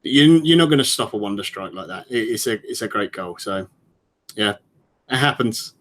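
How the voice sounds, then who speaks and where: A man's voice: lowish voice, animated, moderate pace, fairly bright tone. A man giving casual football analysis on a podcast, rambling and talking through lots of fillers and restarts. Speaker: podcast pundit.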